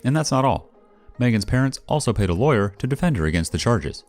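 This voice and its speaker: A man reading a first-person story aloud in a wry, expressive way, as the channel's narrator. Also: medium pitch, fast talker. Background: faint background music.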